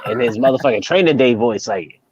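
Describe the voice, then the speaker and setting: A man's voice: medium pitch, a little fast, no room sound, highs cut off. A man co-hosting a casual, profane chat, telling stories with animation. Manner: animated storyteller, mimics voices in quotes. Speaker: podcast co-host.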